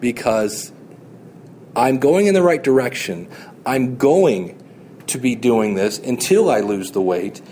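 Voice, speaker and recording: A man's voice: medium pitch, big pitch swings, slow pace, mellow, a little hiss or hum. A man hosting a podcast, talking earnestly and encouragingly in a motivational monologue, often repeating his points. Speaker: podcast host.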